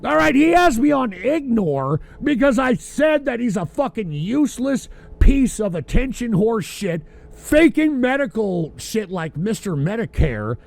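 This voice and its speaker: A tipsy man hosting a call-in livestream, ranting loudly and profanely. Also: extremely high pitch, very animated, measured pace, vocal fry, few pauses. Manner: loud, profane, rambling rant. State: drinking, tipsy. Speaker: host of a call-in livestream show.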